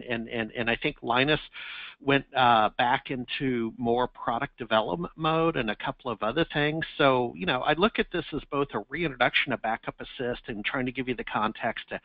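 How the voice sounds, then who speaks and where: A man's voice: mid-range voice, dry recording, dull audio. Folksy man hosting a webinar. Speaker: webinar host.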